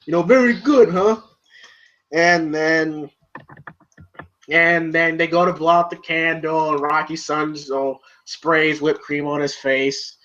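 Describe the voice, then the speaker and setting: A man with a notably high voice gives a loose, casual movie recap, leaning on "you know" and "like" as he goes. The audio is dull and lo-fi, like a cheap home setup. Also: monotone, slow pace, pushed and bright. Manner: rambling, full of "you know" and "like" fillers. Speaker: movie reviewer.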